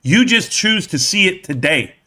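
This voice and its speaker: Male streamer, high bright voice, brash mocking rant to live chat. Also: animated, a little slow. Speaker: stock market live streamer.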